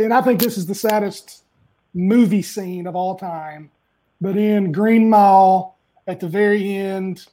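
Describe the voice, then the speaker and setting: A man with a high, mellow voice chats casually on a podcast. He mostly chimes in with short agreeing remarks. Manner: brief agreeing interjections. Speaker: podcast co-host. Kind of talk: casual chat.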